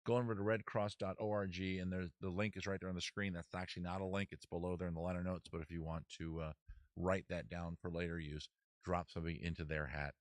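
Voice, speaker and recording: A man from Maryland chats loosely and wryly as the host of a comedy advice stream. His voice sits fairly low. The sound is close and dry, with no room echo. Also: little pitch movement, fairly quick. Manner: rambling, wry, self-deprecating. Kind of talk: casual live-stream chat. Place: backyard outdoors next to a heater.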